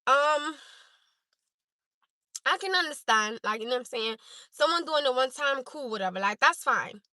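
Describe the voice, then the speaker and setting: A woman with a Newark accent talks straight to her livestream viewers from a parked car, keeping things candid and casual. Her high, animated voice is sharp and moves at a moderate pace. The low-quality audio has no room sound.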